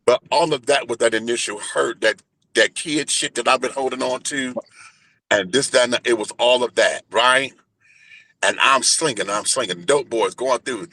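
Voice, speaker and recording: A man in his forties telling a personal story in an animated, flamboyant, profane way during a casual interview. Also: mid-range voice, normal speed, dry recording. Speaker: guest, entertainer and radio host.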